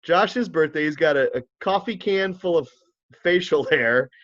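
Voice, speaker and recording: A man's voice: fairly high pitch, lively intonation, unhurried, a bit bright, highs cut off. A man co-hosting a casual chat show, teasing and ribbing his friend. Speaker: co-host.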